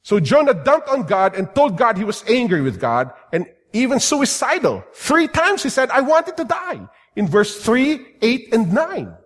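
A man preaching a sermon in a lively, animated way, now and then acting out comic voices. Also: very high voice, a little slow, few pauses, big-room sound. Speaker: pastor.

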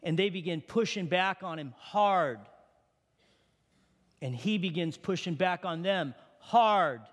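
A man preaching a sermon, reading scripture aloud with animated energy. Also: high voice, slow pace. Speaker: pastor. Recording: long hall reverb.

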